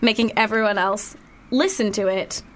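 A woman's voice: mid-range voice, normal speed, a bit bright. A woman hosting a radio show in a studio, chatting casually and laughing often.

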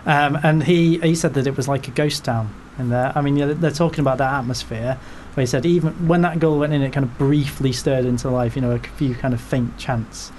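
A man hosting a casual football podcast, rambling with jokes and quick asides. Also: mid-range voice, fairly even intonation, a little mellow, a little hiss or hum. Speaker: podcast host.

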